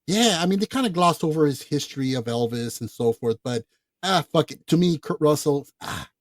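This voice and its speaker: A man co-hosting a podcast, talking casually about films in a blunt, profane, animated way. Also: a little high, brisk, no echo. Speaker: podcast co-host. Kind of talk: casual film chat.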